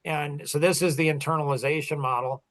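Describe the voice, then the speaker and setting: A middle-aged man talks through business ideas in a loose, rambling way, full of fillers and restarts. His voice sits a little high for a man. The sound is close and dry, with no room echo. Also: steady tone, brisk, fairly bright tone. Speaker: business coach and podcast host. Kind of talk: casual mentoring chat.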